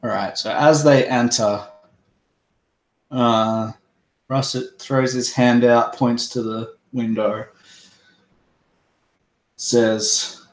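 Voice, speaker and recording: A man narrating his character's actions in a tabletop game, halting and with fillers. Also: medium pitch, steady tone. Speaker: player.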